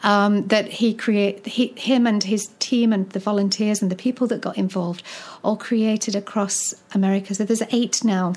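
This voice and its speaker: A woman's voice: mid-range voice, steady tone, normal speed, a little mellow. A woman, founder of a children's charity, talking eagerly in an interview with frequent ums and restarts. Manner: enthusiastic, hesitant with many fillers and restarts. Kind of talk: conversational interview.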